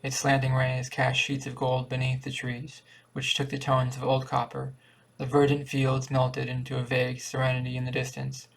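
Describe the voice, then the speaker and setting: Casting: male audiobook narrator, steady, husky and flat in tone. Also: medium pitch, moderate pace. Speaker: audiobook reader.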